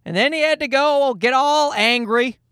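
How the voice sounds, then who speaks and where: A man hosting his podcast alone from home, rambling through a jokey, sarcastic monologue with quick asides. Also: very high-pitched, fairly bright tone, clear, resonant tone, dry recording, studio quality. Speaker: podcast host. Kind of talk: casual comedic monologue.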